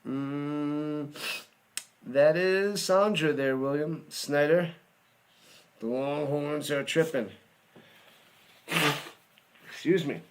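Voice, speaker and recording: A man's voice: a little high, drawn-out words, pauses often. A man giving live play-by-play commentary, chatty, humming and joking between plays and rising on big ones.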